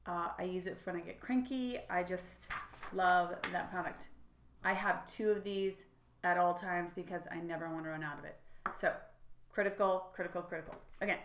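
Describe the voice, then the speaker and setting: A woman's voice: on the low side, fairly even intonation, normal speed, fairly bright tone, reverberant, a little hiss or hum. A middle-aged woman vlogger demonstrating products in a chatty, enthusiastic way, with frequent fillers. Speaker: lifestyle vlogger.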